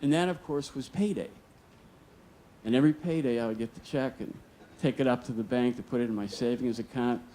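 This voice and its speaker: A man's voice: mid-range voice, brisk, warm tone, a little hiss or hum. Male live storyteller, earnest and vivid, voices the dialogue himself. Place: stage at a museum storytelling event.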